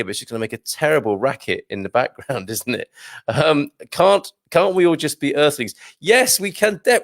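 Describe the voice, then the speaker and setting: British male livestream host, gravelly, rambling and self-mocking with frequent chuckles, dry close sound. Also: medium pitch, no echo. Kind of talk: casual livestream chat reading viewer comments. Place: small studio.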